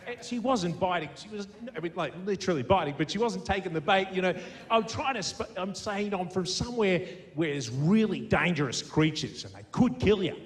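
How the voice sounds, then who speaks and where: A man's voice: sits high, animated, a little fast. A man from Australia with an Australian accent, telling upbeat self-deprecating comic stories and laughing at his own jokes. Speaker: comedian impressionist. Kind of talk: stand-up storytelling. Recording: live studio audience noise.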